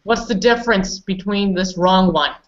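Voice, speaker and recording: A woman's voice: medium pitch, moderate pace, dull audio. A woman teaching an online English pronunciation class, patiently correcting and prompting her students.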